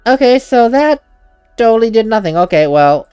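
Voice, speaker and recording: A man's voice: very high-pitched, very animated, moderate pace, darkish tone, smooth, no echo, faint music behind. A man giving casual gameplay commentary as a let's play host, chatty and laughing at himself, at a desk mic at home.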